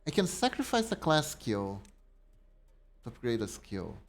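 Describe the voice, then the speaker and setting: A man's voice: medium pitch, wildly swooping pitch, a little slow. A man live-streaming a card game, reading card text aloud and chatting casually with his viewers. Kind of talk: casual live-stream chat while gaming.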